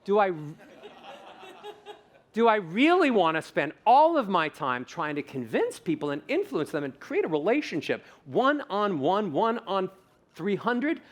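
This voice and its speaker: Middle-aged male voice coach on stage, high-pitched and very lively, performs his examples and quizzes the crowd. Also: measured pace. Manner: theatrical, demonstrates voices, asks audience questions. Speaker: voice coach giving a keynote talk. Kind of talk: animated conference keynote.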